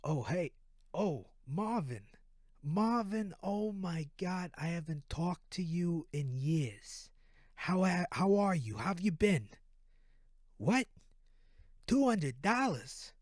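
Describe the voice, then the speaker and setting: A brash East Coast man barks and swears into his phone in a raised, high voice, as a man puts him on. He's belligerent and sounds like he's ready to fight. It's a dry, close recording. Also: animated, takes it slowly, dry recording. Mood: friendly surprise. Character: loud shirtless middle-aged man arguing on the phone.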